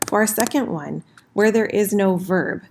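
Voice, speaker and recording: A woman teaching a casual recorded lesson, explaining clearly and slowing down for example phrases, with keyboard typing in the background. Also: mid-range voice, slight background noise. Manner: friendly, slows down for example phrases. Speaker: French teacher.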